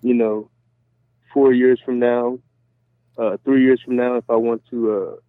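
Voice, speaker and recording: A man's voice: medium pitch, little pitch movement, unhurried, no echo. A man calling in to a casual talk show, rambling and saying "you know" constantly. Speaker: guest caller. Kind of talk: casual phone interview. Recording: tinny phone line.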